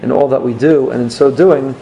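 A man, a rabbi, giving an earnest sermon and telling a story with slow, emphatic phrasing. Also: medium pitch, gravelly, warm tone, a little hiss or hum.

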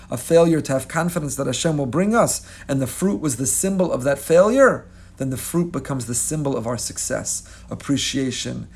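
Expressive male Torah teacher, somewhat high voice, chants verses and cracks asides. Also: husky. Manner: animated, expressive, with humorous asides to listeners; chants Hebrew verses, then translates them. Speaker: Torah teacher giving a weekly class. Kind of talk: lively Torah lecture.

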